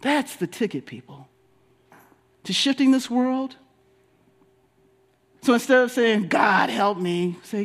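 High-voiced man preaching a sermon. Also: very animated, unhurried, pauses often. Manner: emphatic, repetitive preaching with rising and falling delivery. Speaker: minister.

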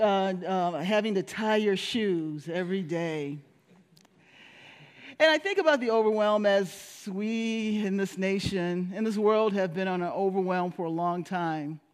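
A woman's voice: mid-range voice, clear, resonant tone. A woman pastor giving a sermon in a storytelling manner. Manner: storytelling, with animated voices for quoted people.

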